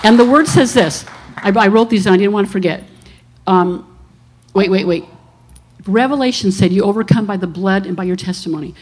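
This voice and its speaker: A woman's voice: mid-range voice, fairly quick, husky. A woman in her sixties, a minister, giving an earnest testimony to a church congregation and telling stories along the way. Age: 60s.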